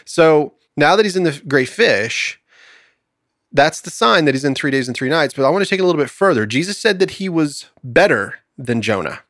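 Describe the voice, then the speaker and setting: Male co-host, lively Bible storyteller, dry close sound. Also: fairly high pitch, a little fast, no room sound. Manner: animated storyteller, acts out voices in quotes with laughs. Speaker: podcast co-host teaching scripture. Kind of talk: conversational Bible study, reading scripture aloud.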